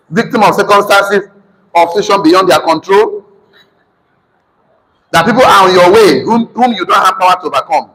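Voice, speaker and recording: A man's voice: high voice, fairly bright tone, breathy edge, big-room sound, low-quality recording. A man with a Nigerian accent teaching a seminar class, repeating key lines, dictating punctuation aloud and calling for responses from the room.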